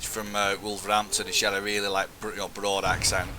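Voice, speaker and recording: A man's voice: lowish voice, monotone, fast talker, pushed and bright, slight background noise. A young man, giving sweary blunt banter as a squad leader in casual gaming chat.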